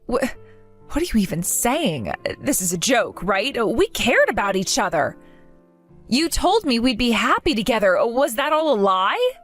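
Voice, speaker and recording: A woman's voice: on the high side, sing-song, measured pace, fairly bright tone, faint music behind, heavily acted. A young woman playing a jilted bride who talks earnestly and with strong emotion. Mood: shocked. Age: young adult. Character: jilted young bride, hurt but determined.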